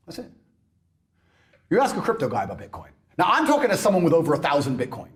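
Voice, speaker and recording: Brash mocking man, lively high voice. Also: quick pace. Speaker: internet personality. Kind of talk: ranting monologue.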